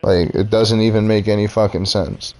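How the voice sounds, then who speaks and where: A young man with a somewhat low voice tells a long, profane story to his stream. He gets heated as he replays the argument, voicing both himself and his boss in quick, angry bursts. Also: fairly even intonation, a little mellow. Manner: profane, heated retelling with quoted dialogue. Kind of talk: casual storytelling rant.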